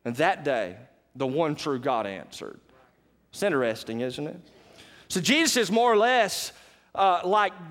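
High-voiced pastor preaching in a hall. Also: male voice, unhurried, pauses often. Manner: animated storytelling, asks the congregation questions. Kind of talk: sermon.

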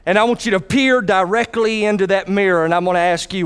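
A man's voice: sits high, fast, smooth. A man preaching a sermon in church who calls for responses from the congregation.

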